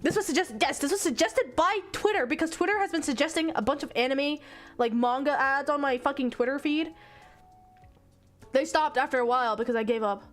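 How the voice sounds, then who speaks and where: A woman streaming in a casual, exasperated rant, cursing freely as she talks. Her voice is high for a woman, and soft music plays faintly behind her. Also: brisk. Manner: exasperated, swears a lot.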